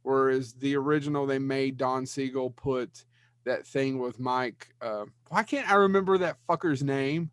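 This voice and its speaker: A man's voice: mid-range voice, a little slow, clear, resonant tone, no echo. A man co-hosting a podcast, chatting casually about films, rambling, swearing and blanking on names. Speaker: podcast co-host. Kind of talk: casual movie chat.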